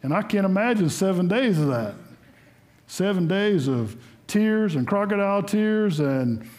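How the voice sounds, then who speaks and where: Folksy high-voiced male preacher. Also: animated, measured pace, darkish tone. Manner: folksy, conversational, acts out quotes. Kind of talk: sermon with scripture reading.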